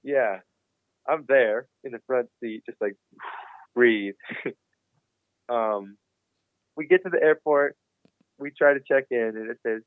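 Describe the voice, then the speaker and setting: A young man, a guest on a podcast, telling a story in casual, animated talk and swearing constantly. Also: medium pitch, slow pace, long pauses, dry recording. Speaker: podcast guest, BMX rider. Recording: dry, phone-like narrow sound.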